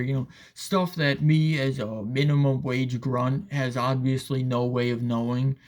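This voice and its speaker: A man's voice: medium pitch, little pitch movement, a little slow, hardly any pauses, a little mellow. A man giving a casual, profane, sarcastic rant as commentator, often asking "all right?".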